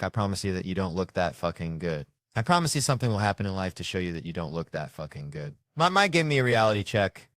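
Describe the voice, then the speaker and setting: A man's voice: low-pitched, no room sound, clean studio sound. Profane, exasperated male stand-up comic. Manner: profane, animated, exasperated ranting. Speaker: stand-up comedian. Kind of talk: stand-up storytelling.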